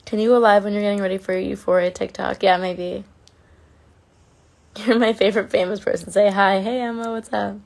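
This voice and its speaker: A woman's voice: medium pitch, fairly even intonation, brisk, vocal fry, a little mellow. A woman chatting casually on a phone livestream, reading and answering fan comments in an affectionate way and swearing now and then.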